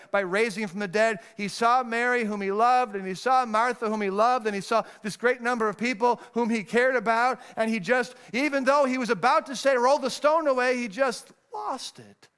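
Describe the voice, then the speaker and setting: A man, a pastor, preaching a sermon, moving between raised, emphatic lines and hushed, low passages as he reads scripture. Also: smooth. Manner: reads scripture in old-fashioned wording.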